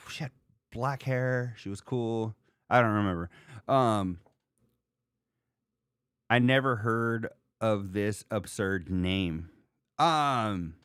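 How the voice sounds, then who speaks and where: A man hosting a podcast in casual chat, rambling and joking in an animated way. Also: medium pitch, no room sound, studio quality. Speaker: podcast host.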